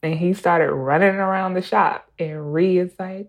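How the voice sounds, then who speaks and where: Low-voiced mom in her 30s telling a story casually, chatty. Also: unhurried, gravelly, few pauses. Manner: casual, conversational, laughs while telling. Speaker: storyteller, mother. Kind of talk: recorded personal story.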